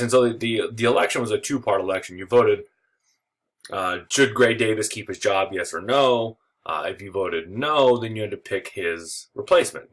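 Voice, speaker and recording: A man's voice: lowish voice, fairly bright tone. A man giving a recorded history lecture in a casual way, with joking asides and frequent filler words. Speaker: history teacher.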